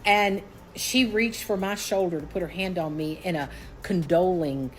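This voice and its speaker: A woman's voice: on the low side, normal speed, a little hiss or hum, low-quality recording. A woman tells a personal story in an emphatic, dramatic way, swearing bluntly. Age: 60s. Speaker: guest.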